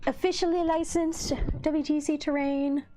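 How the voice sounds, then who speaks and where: A woman's voice: sits high, fairly even intonation, normal speed, warm tone, soft background music. A woman hosting a casual livestream from a home hobby room, bubbly, giggly and effusive as she chats with viewers. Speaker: livestream host.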